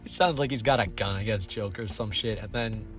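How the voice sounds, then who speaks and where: A man's voice: lowish voice, brisk, fairly bright tone, soft background music. A young man rambling about a video game from a small closet, chuckling and cutting himself off. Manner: rambling, chuckling, self-interrupting. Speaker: video host. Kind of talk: casual rambling game recap.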